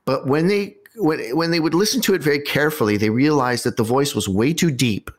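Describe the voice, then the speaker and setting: A man hosting a podcast, telling a story in a casual, animated way with wry asides. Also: on the high side, brisk.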